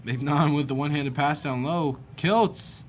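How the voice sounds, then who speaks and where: A man's voice: on the high side, unhurried. Young man calling a school basketball game. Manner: plain, easygoing play-by-play, a little unpolished. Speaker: play-by-play commentator. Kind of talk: amateur basketball commentary. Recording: noisy gym ambience behind.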